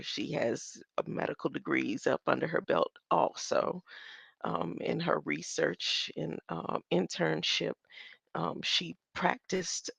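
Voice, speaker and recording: A woman's voice: deep voice, fairly bright tone, no room sound. A woman giving casual, laughing, mocking commentary on old recordings, talking straight to her listeners. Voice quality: gravelly.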